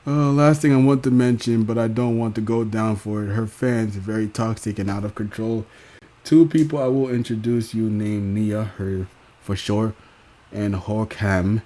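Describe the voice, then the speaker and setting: A young man giving a casual reaction rant, halting with fillers and restarts and swearing freely. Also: lowish voice, steady tone, mellow. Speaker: YouTube commentator.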